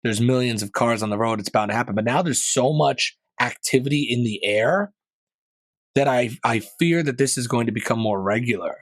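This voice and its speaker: A man's voice: medium pitch, moderate pace, no room sound. A man hosting his own podcast, talking through the week's news in a loose, rambling way with plenty of fillers and asides. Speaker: podcast host. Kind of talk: casual solo commentary.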